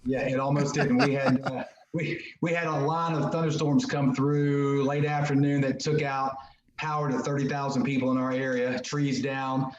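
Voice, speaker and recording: A man's voice: mid-range voice, little pitch movement, normal speed, crowd noise. Male guest on a roomy, muffled call. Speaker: guest musician. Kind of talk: casual interview chat. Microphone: remote call. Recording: roomy, dull remote call audio.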